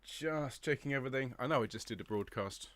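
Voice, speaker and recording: A man's voice: medium pitch, a little fast, background noise. A middle-aged man leading an online choir rehearsal from his home studio, chatting and greeting viewers by name. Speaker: choir director. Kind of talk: livestream rehearsal chat.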